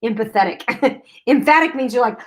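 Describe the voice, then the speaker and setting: A woman's voice: on the high side, expressive, moderate pace. A woman co-hosting a giveaway livestream, chatting casually and laughing often. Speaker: co-host.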